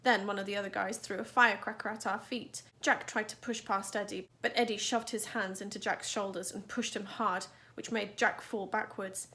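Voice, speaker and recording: A woman teacher reading a novel aloud in a steady, even narration. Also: medium pitch, normal speed, few pauses.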